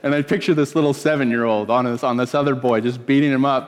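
A man's voice: mid-range voice, steady tone, fast talker, in a large hall. A man from California preaching a sermon, telling stories and acting out the voices of people he quotes. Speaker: pastor.

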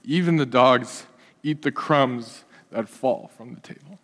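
A desperate woman, humble and hushed, speaking low and quiet, as a preacher acts her out. Her soft-spoken pleading rings out with a long hall reverb. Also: measured pace.

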